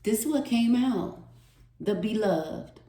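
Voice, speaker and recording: A woman giving a spiritual tarot reading, with a slow, repetitive, earnest delivery. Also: medium pitch, lively intonation, mellow. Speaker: tarot reader. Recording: echoey room, distant mic.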